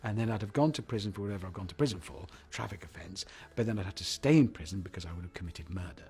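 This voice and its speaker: A man's voice: low-pitched, racing. A man who presents a TV show, teasing his co-hosts with jokey asides in a casual press interview.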